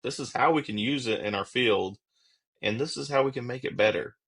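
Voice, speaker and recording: A man who is a police officer and podcast guest, explaining his views in a steady, reflective way. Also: medium pitch, brisk, vocal fry, husky. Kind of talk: casual conversational interview.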